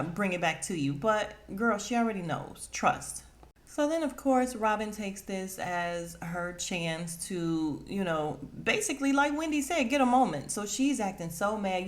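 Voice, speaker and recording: A woman hosting a casual podcast, recapping a reality show with a sassy, animated delivery and quick bursts of acted-out quotes. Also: medium pitch.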